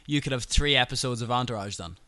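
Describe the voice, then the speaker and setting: A man's voice: medium pitch, fast, sharp tone. A man hosting a podcast, chatting casually with a playful, teasing manner. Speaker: podcast host. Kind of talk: casual chat.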